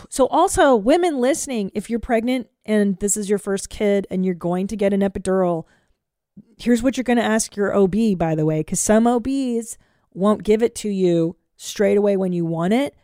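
A woman hosting a podcast, chatting casually and telling stories in a blunt, profane, animated way. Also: mid-range voice, normal speed, no echo, studio quality. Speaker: podcast host. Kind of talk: casual chat.

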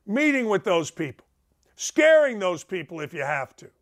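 A man's voice: sits high, sing-song, moderate pace. A middle-aged man hosting a sports talk show from home, ranting in an emphatic, sarcastic and digressive way. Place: home studio.

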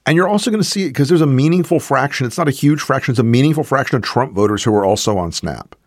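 A man from the American South co-hosting a political discussion, measured and earnest, with many "you know" fillers. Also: mid-range voice, lively intonation, dry recording, studio quality. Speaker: podcast co-host.

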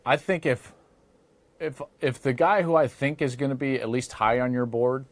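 A man's voice: mid-range voice, moderate pace, dry recording. A man hosting a sports talk show, ranting with mock indignation at viewer comments and bantering with his guest.

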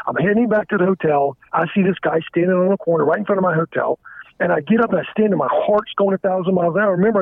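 Guy calling in on the phone, kinda high voice, stammers a lot, tinny dry line. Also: dry recording. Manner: halting, stammers and restarts often. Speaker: caller. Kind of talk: candid confessional phone call. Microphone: telephone.

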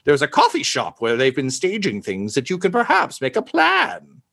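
A man's voice: a little high, wildly swooping pitch, normal speed, vocal fry, a bit bright, voice pushed up, heavily acted. A man voicing a weary male official in a robe who speaks with wry, crude asides.

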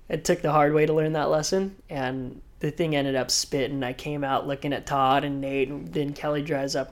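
A man, a professional surfer, telling animated stories full of surf slang as a podcast guest. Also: medium pitch. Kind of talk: podcast interview storytelling.

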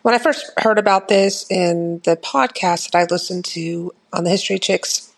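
A woman's voice: lowish voice, normal speed, breathy edge. A woman sharing a travel recommendation in a reflective, thinking-aloud way. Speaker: listener guest.

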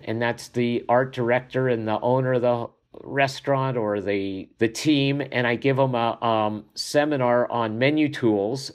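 An older man working as a menu consultant, giving upbeat interview answers and rattling off lists. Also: mid-range voice. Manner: upbeat, brisk explanations, listing things off.

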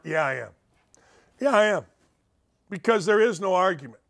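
A male talk show host with a high-pitched voice reads news pieces aloud and mocks them. He is sarcastic and incredulous, one moment loud and the next muttering under his breath. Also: animated, unhurried, pauses often. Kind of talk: mocking commentary on news articles.

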